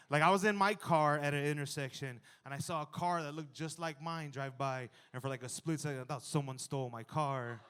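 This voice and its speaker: Brief: male stand-up comic, 30s, bright and crisp, lively delivery with loud punchlines. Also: fairly high pitch, fairly quick, hardly any pauses. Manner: animated, jumps to loud exclaiming in acted-out bits. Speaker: stand-up comedian. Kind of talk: stand-up comedy set.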